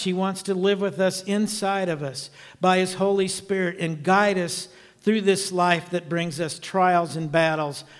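Man in his sixties, evangelist, earnest emphatic sermon storytelling, high voice, long reverb. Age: 60s. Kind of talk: sermon testimony.

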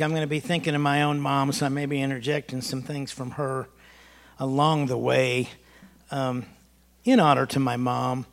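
A man, a pastor, telling folksy stories about his mother during a church service. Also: mid-range voice. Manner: folksy, storytelling, chuckling. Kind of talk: personal remembrance in a church service.

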